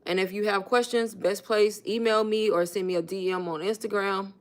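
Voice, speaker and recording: A woman's voice: mid-range voice, steady tone, moderate pace. A woman chatting casually on a phone livestream, coaching her viewers and calling them "y'all" in loose, informal speech. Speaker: online business coach.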